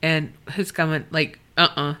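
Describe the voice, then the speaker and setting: A woman with a bright, sharp voice chats casually as a podcast co-host. She talks in an animated way and pokes fun at herself. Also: low voice, moderate pace, clean tone. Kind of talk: casual chat, reading listener emails.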